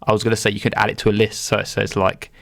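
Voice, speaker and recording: An easygoing man chats on a film podcast in a low voice. He agrees readily and chuckles between remarks. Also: completely flat delivery, rapid-fire, gravelly, fairly bright tone. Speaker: podcast co-host. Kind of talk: casual film podcast chat.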